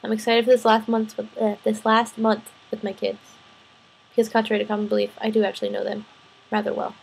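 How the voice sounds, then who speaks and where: A young woman in her twenties, a student teacher, talking through her week in a rambling, animated vlog, sounding tired. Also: medium pitch, quick pace, gravelly, husky, rough recording. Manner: rambling, animated, restarts and laughs often. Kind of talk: casual personal vlog venting.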